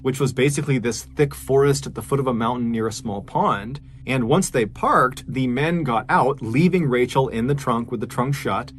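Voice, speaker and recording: A man's voice: medium pitch, a little hiss or hum. A man narrating a true crime story in a conversational way with casual asides. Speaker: podcast narrator.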